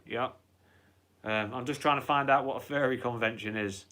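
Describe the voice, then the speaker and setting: A man's voice: medium pitch, moderate pace, pushed and bright. Chatty man hosting a live stream. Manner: rambling, chatty, swears freely. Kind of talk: casual live-stream chat.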